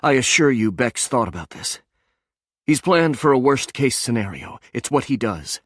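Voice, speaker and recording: A man voicing a calm female operative who reassures and reasons in a measured way. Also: mid-range voice, slightly rough, no room sound, clean studio sound, pitched above the performer's own voice. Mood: reassuring.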